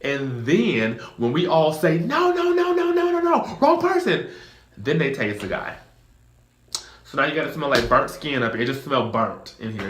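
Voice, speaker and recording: A young man, casually telling a storytime tale, acting out voices in high squeals. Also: fairly bright tone, reverberant, slight background noise.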